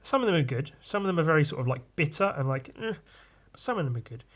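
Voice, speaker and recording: A man's voice: fairly high pitch, animated, quick pace, fairly bright tone. A man hosting a solo podcast, tipsy from drinking and rambling loosely, often trailing off and restarting. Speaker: podcast host. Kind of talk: rambling casual monologue.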